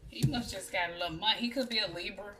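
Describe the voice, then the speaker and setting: A woman's voice: mid-range voice, quick pace, far from the mic. Blunt, chatty woman reading tarot. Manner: chatty, blunt, addresses viewers as y'all. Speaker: tarot reader. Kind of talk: casual spiritual reading. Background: music.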